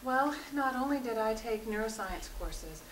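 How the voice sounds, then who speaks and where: A woman from Tennessee, a mock graduate applicant, giving earnest answers with filler pauses. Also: on the high side, lively intonation. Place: seminar room. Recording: roomy, distant, noisy room recording.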